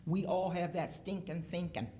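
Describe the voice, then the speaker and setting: A woman's voice: fairly low pitch, normal speed, slight background noise. A woman from Pittsburgh who works as a phlebotomist, telling stories emphatically in a casual group chat. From Pittsburgh, Pennsylvania. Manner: animated, emphatic storyteller who acts out quotes. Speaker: phlebotomist guest.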